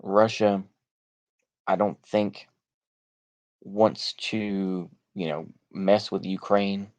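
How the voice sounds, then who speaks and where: A man's voice: deep voice, fairly even intonation, extremely slow, darkish tone, muffled recording. A man with a Texan accent giving a casual political monologue, blunt and sarcastic, rambling with lots of fillers and repeated "like I say.". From United States. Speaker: political commentary vlogger.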